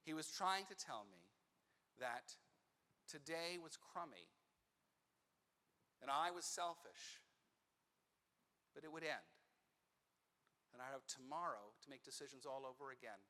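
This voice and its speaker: A man, a rabbi, telling a personal story in a sermon, animated and acting out the voices of the people in it. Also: mid-range voice, unhurried, pauses often. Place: synagogue sanctuary. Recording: reverberant hall.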